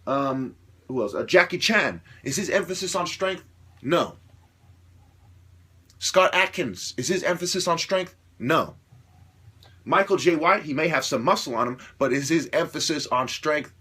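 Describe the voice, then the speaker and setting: A man delivering an opinionated monologue, lecturing with repeated rhetorical questions and swearing, growing louder and higher as he gets worked up. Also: animated, unhurried, slightly rough. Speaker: self-styled martial artist ranting to camera.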